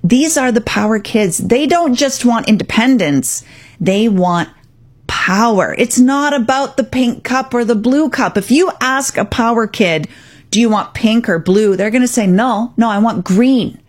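A woman's voice: a little high, lively intonation, a little slow. A woman hosting a radio talk segment as a parenting coach, speaking directly and emphatically. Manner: direct, emphatic, acts out parent and child quotes.

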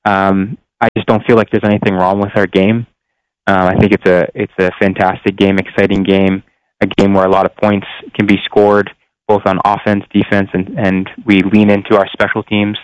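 A man's voice: lowish voice, flat delivery, normal speed, smooth, dry recording. A young adult man, a pro football player, answering radio interview questions earnestly while searching for words. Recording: dull lo-fi line.

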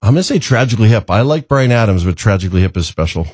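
A Canadian man, a guest on a chat show, answering with quick jokes. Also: on the low side, expressive, darkish tone, breathy edge, no echo, studio quality. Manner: joking, wisecracking. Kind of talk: casual chat.

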